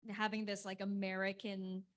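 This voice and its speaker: A woman's voice: medium pitch, flat delivery, normal speed. Woman, audience questioner, curious, hesitant, filler-heavy. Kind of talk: asking a question at a panel.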